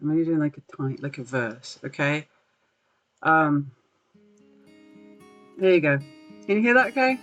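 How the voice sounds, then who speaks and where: On a livestream, a podcast host chats casually in a medium-pitched, sing-song, slightly bright voice at normal speed with long pauses, rambling with plenty of fillers, apologizing, and laughing at themselves. The sound is lo-fi, with faint background music.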